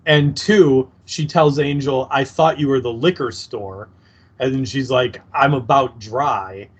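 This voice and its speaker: A man's voice: medium pitch, unhurried, slightly rough. A man co-hosting a podcast, chatting about an episode in an incredulous tone and often restarting his sentences. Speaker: podcast co-host. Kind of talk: casual episode recap chat.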